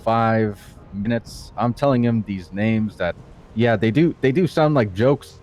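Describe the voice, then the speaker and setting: Here a fairly low, darkish male voice goes a bit slowly as he stays in character as an accused client, casually rambling through his version of what happened and cursing freely.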